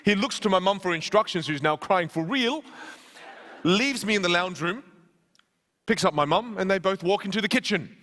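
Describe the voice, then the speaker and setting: Bright, animated male keynote storyteller. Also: high voice. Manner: animated, self-mocking, with quick restarts. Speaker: keynote speaker. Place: conference stage.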